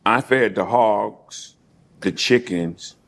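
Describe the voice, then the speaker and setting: A middle-aged man, a former pro football player, reminiscing as an interview guest in a casual, animated way, laughing often and repeating words. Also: lowish voice, takes it slowly, gravelly.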